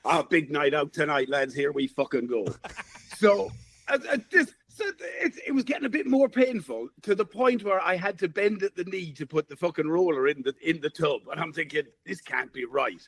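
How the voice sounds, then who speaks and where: Irish man in his forties, gravelly voice, a bit high, casual swearing storyteller. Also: normal speed. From Ireland. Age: 40s. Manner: swears freely, chuckles through his story. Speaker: guest caller.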